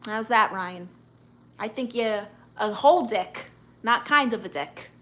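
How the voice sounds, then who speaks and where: A woman from a Puerto Rican and Guatemalan family hosts a casual live stream, reading viewer comments aloud and firing back blunt, sassy replies. Her fairly high voice is unhurried and a bit bright, with a little hiss or hum in the audio.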